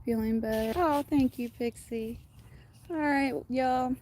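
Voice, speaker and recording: A woman's voice: high voice, takes it slowly, darkish tone, slight background noise. A woman hosting a casual livestream outdoors. She rambles, uses many fillers and coos to her dogs. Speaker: livestream host. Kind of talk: casual chat with viewers.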